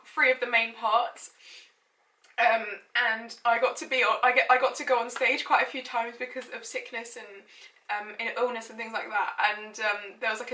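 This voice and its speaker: A woman in her late twenties, a lifestyle blogger, giggles now and then while reading her childhood diary in a chatty, self-deprecating way. Her sharp voice sits high, picked up from a distance in a room with echo.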